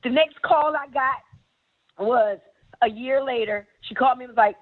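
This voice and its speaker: A high-pitched, middle-aged woman tells her story as an interview guest. She speaks bluntly and emphatically, swearing freely. The sound is thin and tinny, like a phone line. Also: moderate pace. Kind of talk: candid storytelling.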